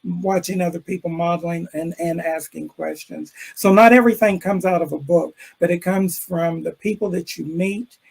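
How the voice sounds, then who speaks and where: Gravelly older man telling a story. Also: sits high, moderate pace, few pauses, rough recording. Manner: animated storyteller, acts out characters' lines. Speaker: interview guest, educator. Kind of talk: storytelling in a video call interview. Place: room with bookshelves.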